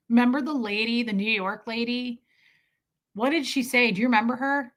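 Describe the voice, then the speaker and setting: A young woman hosting a live stream, chatting casually and reading out viewers' names in an animated, chatty way. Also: fairly high pitch, a little fast. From Midwest US. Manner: chatty, animated, reads chat names aloud. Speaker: livestream host.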